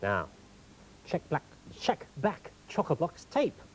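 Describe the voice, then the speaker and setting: Slow, lively children's TV presenter. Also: medium pitch, slight background noise, poor audio. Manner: slow, sing-song and coaxing, making animal noises to young viewers.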